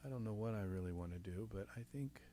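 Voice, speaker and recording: A man's voice: fairly low pitch, fast talker, warm tone, a little hiss or hum. A man with a Southern US accent, muttering to himself as he works through a music production tutorial and often trailing off mid-sentence. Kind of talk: thinking aloud while working in software.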